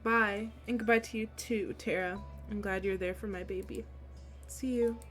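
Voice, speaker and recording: A woman's voice: medium pitch, fairly even intonation, normal speed, a bit bright, soft background music, lightly acted. A woman reading as a tender, loving mother. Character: loving mother of a grown son, gentle.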